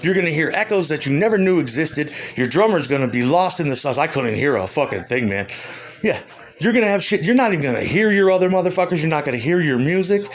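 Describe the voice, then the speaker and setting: A man's voice: fairly high pitch, animated, quick pace. A man, a musician, in a rambling and profane rant, combative and heated. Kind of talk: ranting monologue.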